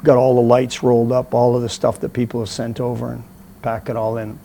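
A man's voice: mid-range voice, brisk, creaky, a little hiss or hum. A middle-aged man, an interview guest, telling a story casually and acting out the voices of the people in it. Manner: animated storyteller, acts out quoted voices.

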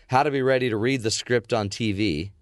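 A man hosting a conversation, chatty and quick to chime in, with easy laughter. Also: medium pitch, no room sound, clean studio sound. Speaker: host. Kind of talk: casual chat.

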